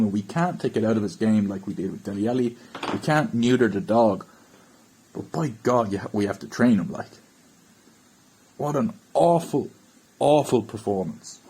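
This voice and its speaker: A man's voice: mid-range voice, darkish tone, breathy edge, rough recording. An Irish man hosting a football fan channel, ranting bluntly about a bad match and swearing in frustration. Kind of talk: ranting match review to camera.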